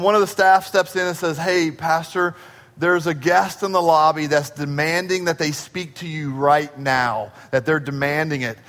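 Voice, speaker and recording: A man, a pastor, preaching a sermon and telling a story, acting out the dialogue with shifts in pace and loudness. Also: high-pitched. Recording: long hall reverb.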